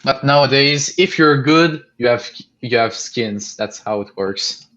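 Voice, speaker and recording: Halting young man on a lo-fi mic. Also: mid-range voice, bright, forceful tone. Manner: halting, many fillers, blunt. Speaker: podcast co-host. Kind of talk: casual chat. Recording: dull lo-fi home recording.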